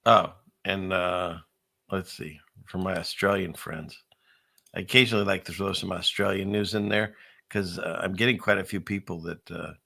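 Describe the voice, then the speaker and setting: A middle-aged man rambles through a casual commentary with a gravelly, low voice. His tone is bright and edgy, and he talks in a conspiratorial, chuckling way. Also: steady tone, moderate pace. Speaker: channel host.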